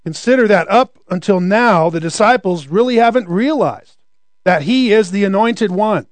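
A man's voice: high-pitched, lively intonation, moderate pace, no room sound. A man preaching a conversational sermon, often asking rhetorical questions.

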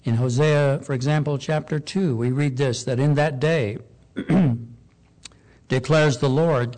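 A man preaching a sermon, measured and deliberate, slowing down and rising in pitch on key points. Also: fairly even intonation, a little mellow. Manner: measured, slows for emphasis, rises on key points.

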